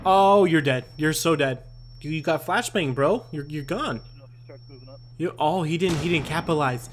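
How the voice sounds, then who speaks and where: A young man doing let's-play commentary, excitable and swearing, yelping and laughing at himself as he plays. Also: on the high side, a little slow, a little hiss or hum. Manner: excitable, swearing, yelps and self-mocking laughs. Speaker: gaming YouTuber.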